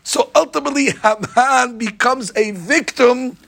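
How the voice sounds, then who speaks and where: Guy teaching a religious story, jokey and animated, gravelly voice. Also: very high voice, unhurried. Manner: lively, jokey, acts out scenes.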